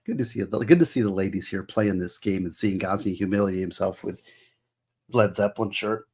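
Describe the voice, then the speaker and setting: Husky-voiced man chatting about music. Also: sits low, brisk, a little mellow. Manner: rambling, enthusiastic, fond of trivia, restarts phrases. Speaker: host. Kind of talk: casual livestream chat about music.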